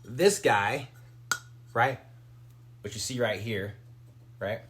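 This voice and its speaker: A man's voice: on the low side, slow, fairly bright tone. A man chatting loosely on a live stream while assembling hardware at home, joking and talking to his dog. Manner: rambling, loose, joking asides to chat and dog. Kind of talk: casual live-stream commentary while building.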